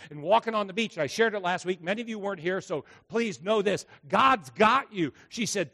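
Male pastor, slightly high voice, dramatic sermon delivery, reverberant church hall. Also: expressive, brisk, few pauses, sharp tone. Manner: emphatic preaching with dramatic acted quotes and big volume swings. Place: church sanctuary.

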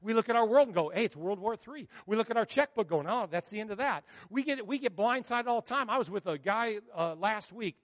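A male pastor preaching a sermon, swinging from hushed storytelling to loud, dramatic outbursts. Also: high voice, animated, a little fast, hardly any pauses, long reverb tail.

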